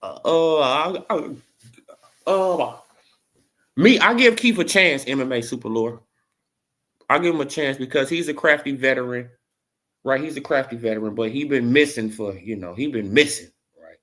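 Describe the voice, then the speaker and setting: A man's voice: mid-range voice, normal speed, fairly bright tone. Man riffing on boxing, casual. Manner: loose and repetitive, tags lines with "right?". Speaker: host. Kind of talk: casual boxing commentary stream.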